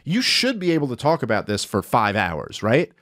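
A man's voice: medium pitch, normal speed, dry recording, clean studio sound. A man hosting a podcast, talking through political commentary casually, with plenty of swearing and acted-out quotes. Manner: animated, profane, acts out quotes. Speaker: podcast host.

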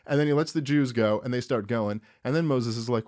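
A man hosting a talk show, casually retelling a story and commenting, swearing often and slipping into quick voices for the characters. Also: medium pitch, no echo, studio quality. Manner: profane, animated, acts out characters in quick voices. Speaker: podcast host. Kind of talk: irreverent comedic retelling and commentary.

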